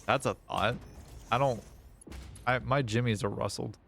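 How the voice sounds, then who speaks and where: A man's voice: mid-range voice, fairly even intonation, unhurried, creaky, a bit bright, a little hiss or hum. A man livestreaming a game, chatting casually with his viewers and reading their messages aloud, with playful mock-dramatic whining. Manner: reads chat messages aloud. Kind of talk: casual gaming livestream chat.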